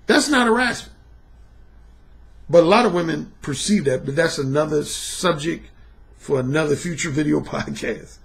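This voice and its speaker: A man's voice: fairly high pitch, lively intonation, moderate pace. A middle-aged man hosting his own podcast, talking in a blunt, emphatic, profane monologue. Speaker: podcast host and dating coach. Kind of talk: casual monologue.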